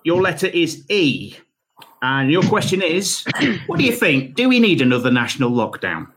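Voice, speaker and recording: A man's voice: a little high, big pitch swings, moderate pace, a bit bright. A man hosting a casual group quiz game, reading out questions and laughing at the answers. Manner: reads out pre-written questions, stumbles and laughs. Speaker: quiz host.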